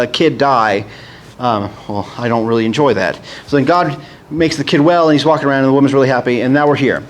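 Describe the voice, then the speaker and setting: A man preaching a casual sermon, retelling stories in a rambling, animated way with many restarts. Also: a little high.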